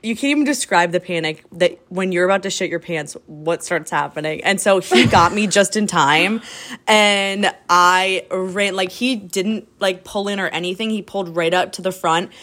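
A woman co-hosting a podcast, chatting casually about a movie, lively and quick to laugh as she acts out scenes. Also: fairly low pitch. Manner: animated, laughs often, acts out quoted lines. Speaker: podcast co-host. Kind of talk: casual chat recapping a movie.

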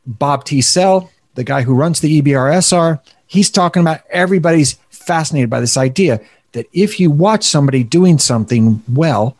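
A man's voice: a little high, moderate pace, no echo. A man co-hosting a podcast, talking casually and poking fun at himself. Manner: self-deprecating, animated, laughs at himself. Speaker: podcast co-host.

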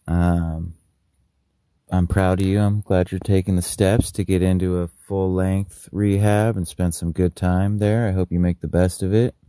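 A man with a very low, dark voice talks casually and jokingly, encouraging a friend. His tone stays flat. The recording is dry and close. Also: a little slow, dry recording. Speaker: friend sending a message.

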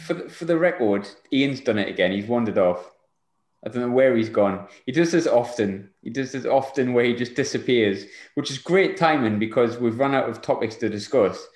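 A man's voice: medium pitch, roomy sound. A man hosting a casual football podcast, joking and laughing with his co-hosts. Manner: joking, laughs often, lively banter. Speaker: podcast host. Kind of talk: casual chat.

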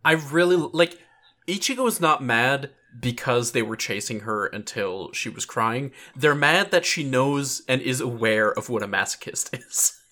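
A man co-hosting a podcast in easygoing casual chat, with a wry, laid-back delivery. His voice is bright and forward, at a middle pitch. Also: animated, unhurried. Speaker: podcast co-host.

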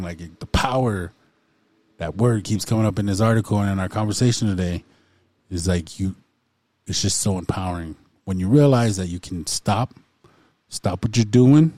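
A man's voice: sits low, warm tone, no echo. A man co-hosting a podcast in casual chat, speaking reflectively and repeating phrases as he talks himself through a thought. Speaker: podcast co-host.

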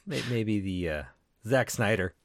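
A man with a low voice and lively swings in pitch trades short, teasing quips in casual podcast chat. He sits close to the mic, and the sound is dry. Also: unhurried, no echo. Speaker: podcast co-host.

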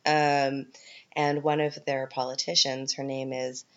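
A woman's voice: a bass voice, flat delivery, a little slow. A woman with a Canadian accent hosting her podcast, talking casually and rambling with plenty of ums and asides. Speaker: podcast host. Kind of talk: casual solo podcast talk. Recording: dull lo-fi podcast recording.

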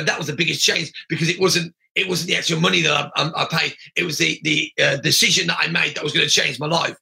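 A man's voice: fairly high pitch, creaky, sharp tone. A middle-aged man coaching martial arts school owners in a blunt, emphatic podcast monologue, often raising his voice and repeating himself.

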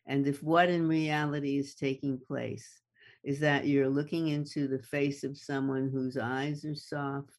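A guest speaker in a conversation who talks at an unhurried, drawn-out pace. The delivery is measured and deliberate. Key words are repeated for emphasis. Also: mid-range voice, flat delivery. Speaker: guest expert on attachment. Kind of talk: slow, deliberate explaining in conversation.

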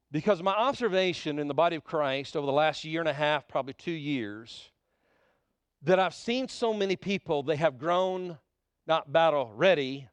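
A man's voice: sits high, no echo. A man preaching a sermon as pastor, emphatic and calling on the congregation to respond aloud. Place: church sanctuary.

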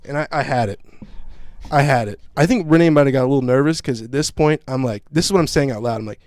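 A man's voice: medium pitch, fast, no room sound. Profane ranting man, dry sound. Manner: profane, animated storytelling rant. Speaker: podcast host. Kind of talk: casual chat.

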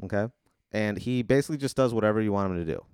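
A man hosting a casual comedic chat, calmly walking a friend through a made-up scenario. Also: lowish voice, very fast, clear, resonant tone, no echo, clean studio sound. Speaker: host.

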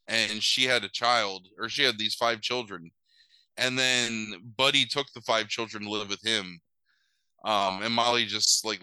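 A young man with a low-set but very bright, crisp voice retells a film's plot in a loose, rambling way. He scatters fillers and dry, wry asides throughout, recorded close and completely dry. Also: no echo, low-quality recording. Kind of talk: casual movie recap.

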